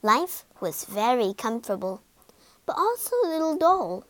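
A woman reading a children's fairy tale aloud with slow, expressive storybook narration. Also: fairly high pitch, no echo.

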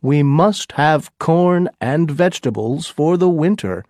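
A man's voice: on the high side, lively intonation, measured pace, a little mellow, no echo. An anxious colonial leader from a storybook, put on by a man narrator. He sounds worried and pleading, with a slightly raised voice. The sound is close and dry.

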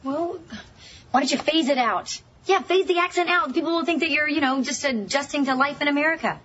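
A woman's voice: sits high, fairly quick, a bit bright. An actress playing an upbeat young woman reassuring a friend, in a sitcom clip. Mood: breezy. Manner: breezy, reassuring. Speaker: sitcom character. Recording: muffled TV clip with background noise.

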